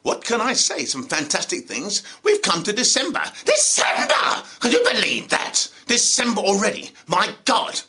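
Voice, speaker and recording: A man hosting his own channel as an actor, giving a theatrical greeting in a hammy, drawn-out, sing-song manner and reciting rhyming verse. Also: high voice, very animated, sharp tone.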